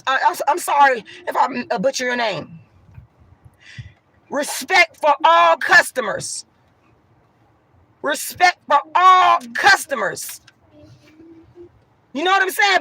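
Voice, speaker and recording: A woman venting loudly and emphatically to her viewers, repeating herself as she talks. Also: high voice, gravelly, rough recording. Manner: loud, emphatic and repetitive. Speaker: vlogger.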